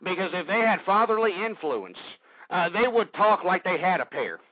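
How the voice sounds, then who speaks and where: The call-in radio host speaks at normal speed in a high, breathy-edged voice with big pitch swings, ranting combatively at callers and repeating himself. His angry commentary comes through dry, phone-like audio with no echo.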